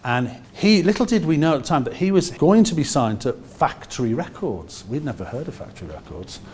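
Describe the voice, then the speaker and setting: A man in his sixties from Liverpool with a Liverpool accent, telling anecdotes in a lively way and acting out other people's voices with quick asides. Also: a little high, slight background noise. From Liverpool, England. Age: 60s. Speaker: musician telling stories. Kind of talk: anecdotal storytelling.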